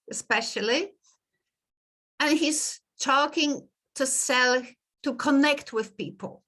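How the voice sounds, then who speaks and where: A woman lectures her class over a video call. Her voice sits a little high, and she keeps the talk lively and conversational, laughing now and then. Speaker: teacher. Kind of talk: online lecture.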